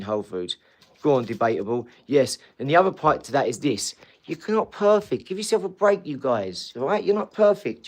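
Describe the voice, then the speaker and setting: A man's voice: mid-range voice, rough recording. Blunt rambling man vlogging. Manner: blunt, rambling, addresses viewers directly. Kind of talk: casual rambling vlog talk.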